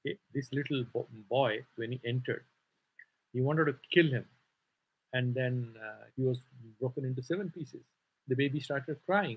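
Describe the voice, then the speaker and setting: A man with an Indian accent and a husky, medium-pitched voice talks at normal speed, recorded with lo-fi sound. He's a Vedanta teacher leading a scripture class, explaining loosely and digressively with plenty of "sort of" asides.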